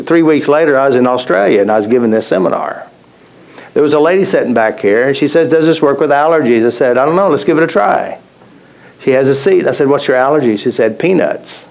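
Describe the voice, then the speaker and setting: Male seminar host, mid-pitched, storytelling delivery, repeats himself for emphasis. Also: darkish tone, low-quality recording. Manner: storytelling, repeats phrases, acts out quotes. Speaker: tapping therapy teacher. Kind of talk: live seminar talk with stories.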